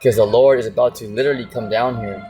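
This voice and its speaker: A man giving an informal Bible teaching in loose street slang, forever asking his listeners "see?" and "you know?". His voice sits at an ordinary middle pitch. He sounds set back from the mic, with faint music playing behind. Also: fairly even intonation, recorded from a distance, rough recording. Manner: slow, drawn-out emphasis when reading scripture verses.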